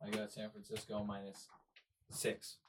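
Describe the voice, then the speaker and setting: Male co-host, casual sports chat, calls out each matchup loud and drawn out. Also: fairly low pitch, monotone, unhurried, noisy background. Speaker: podcast co-host.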